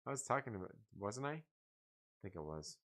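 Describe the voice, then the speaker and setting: A man's voice: fairly low pitch, lively intonation, fairly quick, a bit bright. A tired man hosting a casual live stream, reading out viewer comments and chatting in a rambling, profane way with frequent laughs. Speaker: livestream host.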